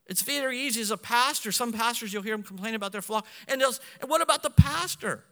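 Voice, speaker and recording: A man, a pastor, preaching a sermon with animated delivery, swinging between loud and hushed passages. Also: very high-pitched, quick pace, long reverb tail.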